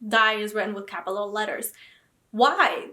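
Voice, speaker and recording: A woman's voice: medium pitch, normal speed, bright, forceful tone. A young woman vlogging about books, talking casually and animatedly with dramatic, indignant outbursts. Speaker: book vlogger. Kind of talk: casual reaction vlog.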